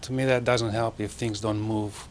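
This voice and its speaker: A man in a studio audience describing his small company and asking the panel how to make things move faster, hesitating often with fillers. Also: on the low side, little pitch movement, slight background noise. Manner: rambling with many fillers, self-promoting. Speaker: audience member asking a question. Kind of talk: asking a question at a studio event.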